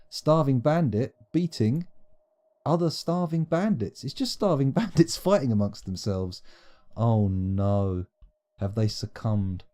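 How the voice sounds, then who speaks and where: Playful rambling streamer. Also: male voice, lowish voice, dark tone. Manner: playful, rambling, self-mocking. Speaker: game streamer. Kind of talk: live gameplay commentary.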